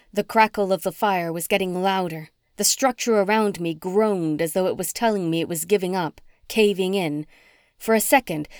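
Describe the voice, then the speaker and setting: A woman reading a first-person novel aloud as an audiobook narrator, with expressive, dramatic storytelling. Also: mid-range voice, clean tone, no echo, studio quality.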